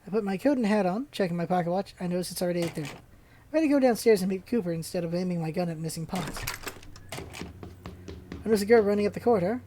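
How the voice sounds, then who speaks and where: A woman's voice: on the low side, fast, long pauses, mellow, a little hiss or hum. A woman hosting a let's-play, reading a visual novel's first-person narration with asides.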